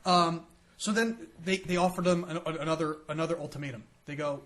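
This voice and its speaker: Rambling American man, higher voice. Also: steady tone, a little fast, fairly bright tone. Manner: rambling, acts out quotes in silly voices. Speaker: podcast co-host. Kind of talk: casual chat.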